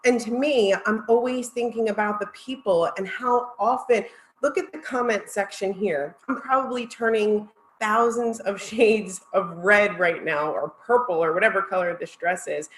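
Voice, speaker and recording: A woman's voice: medium pitch, normal speed, reverberant, poor audio. A woman presenting at a virtual conference, heartfelt and close to tears as she thanks her audience. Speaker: marketing executive presenter.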